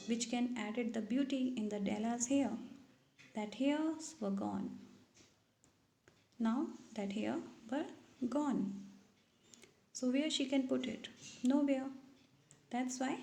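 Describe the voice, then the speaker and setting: A woman's voice: on the high side, mellow, roomy sound, poor audio. A woman teaching English, who reads a story aloud and then explains its words in simple terms.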